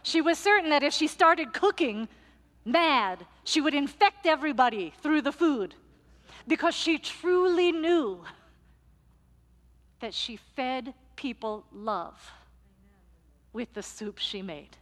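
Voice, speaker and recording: A fairly high-voiced woman pastor preaching with a lively, playful storytelling manner. Her words ring out with the long reverb of a large hall. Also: slow, long pauses. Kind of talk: sermon.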